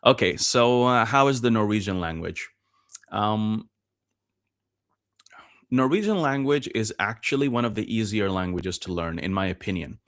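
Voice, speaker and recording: A man from Norway talks through his answers in a relaxed podcast chat. His voice sits a little low. He explains patiently and pauses often with "uh" and "um". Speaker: podcast guest. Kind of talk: casual conversational interview.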